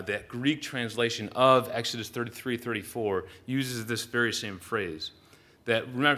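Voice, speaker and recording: A male pastor preaching a sermon, telling the story with lively energy and frequent "uh" fillers and restarts. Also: mid-range voice.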